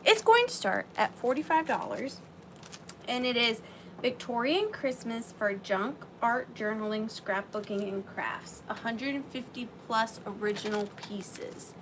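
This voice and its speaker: Slow, chatty woman selling live. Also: a little high, animated, fairly bright tone. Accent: Southern US. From US South. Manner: chatty, bubbly, thanks viewers by name. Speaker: live sale host. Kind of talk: casual live-stream selling. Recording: faint room noise.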